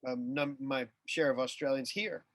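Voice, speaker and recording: A man hosting an interview, speaking in a halting way with many restarts. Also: medium pitch, fairly even intonation, a bit bright, dry recording. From USA. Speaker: interview host. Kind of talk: casual interview chat.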